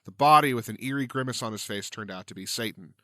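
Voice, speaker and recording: A man reads a spooky folk tale aloud with dramatic flair, then drops into easy podcast chat. His voice is bright and forceful at a mid pitch, recorded close in a dry room. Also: fast talker, dry recording. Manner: dramatic storytelling with big words. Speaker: podcast co-host.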